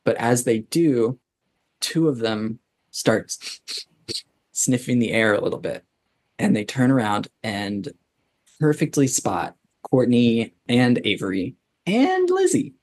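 Husky male game master, mid-pitched, relaxed deliberate narration. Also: no echo.

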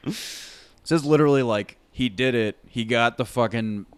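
A man's voice: medium pitch, normal speed, clean tone. A man in casual chat, joking and swearing, who sometimes reads facts aloud. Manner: profane, joking, reads aloud from a phone or page.

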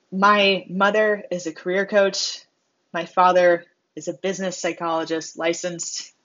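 Woman doing a pep-talk monologue, playful, does little voices, kinda muffled audio. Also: lowish voice. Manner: expressive, acts out quoted voices with self-mocking humor. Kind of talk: motivational monologue. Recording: slightly dull lo-fi sound.

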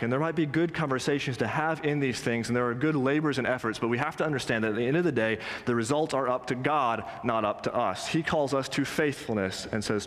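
A male pastor delivers an earnest, emphatic sermon in a mid-pitched voice. He slows down and leans into the lines he quotes. His voice rings out with the long reverb of a church sanctuary. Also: a bit bright. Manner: emphatic, earnest preaching with slow stressed quotes.

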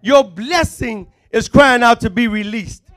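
A man preaching a fervent sermon, often shouting and calling on the congregation to respond. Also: extremely high pitch, a little slow.

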